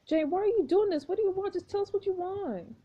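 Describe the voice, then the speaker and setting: A woman's voice: extremely high pitch, fast, dull audio, voice pushed up. A woman voicing a desperate young protagonist in a story game, pleading urgently and earnestly.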